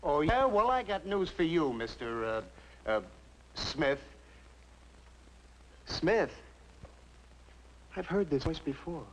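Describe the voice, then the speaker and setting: A man's voice: fairly high pitch, sing-song, takes it slowly, long pauses, a bit bright, slight background noise, heavily acted, low-quality recording. An actor playing a defiant, sarcastic young man in a 1950s TV sitcom. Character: cocky young man, stubborn rival pal.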